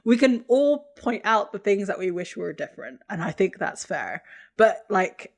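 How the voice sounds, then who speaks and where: A woman's voice: medium pitch, animated, moderate pace. A young woman co-hosting a podcast, chatting casually with lots of fillers and laughs. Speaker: podcast co-host. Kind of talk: casual chat.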